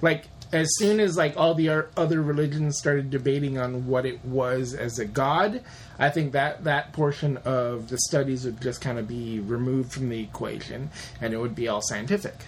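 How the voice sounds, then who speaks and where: A woman with a notably low voice, talking in a loose, rambling way. Her humor is dry and offhand, and she swears casually as she goes. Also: fairly even intonation, normal speed, slight background noise. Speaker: podcast co-host. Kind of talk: casual chat.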